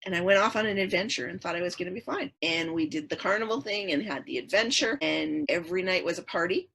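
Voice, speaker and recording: A woman's voice: fairly low pitch, animated, fast, gravelly, a bit bright, slightly rough. A middle-aged woman, a podcast guest, earnestly recounting her past in a repetitive storytelling rhythm. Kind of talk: personal story in interview.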